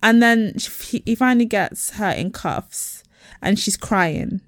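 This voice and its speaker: A woman's voice: mid-range voice, a little slow, dry recording, studio quality. A woman co-hosting a casual chat podcast, telling stories animatedly and acting out the people she quotes. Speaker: podcast co-host.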